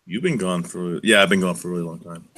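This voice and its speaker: A man's voice: low-pitched, steady tone, fast, fairly bright tone, a little hiss or hum. A young man co-hosting a casual live show, joking and rambling through a work story. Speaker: co-host. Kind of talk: casual podcast chat.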